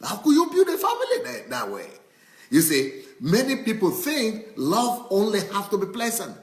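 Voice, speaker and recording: Lively, echoey male preacher. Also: sits high, normal speed. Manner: animated preaching with acted-out anecdotes and repetition. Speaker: pastor. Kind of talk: sermon.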